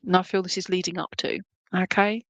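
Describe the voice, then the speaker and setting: A woman's voice: lowish voice, flat delivery, brisk, no echo, highs cut off. Chatty woman medium, dry sound. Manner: chatty and emotional, tagging lines with "okay?". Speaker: spiritualist medium. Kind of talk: mediumship reading at a church service. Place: church service, streamed online.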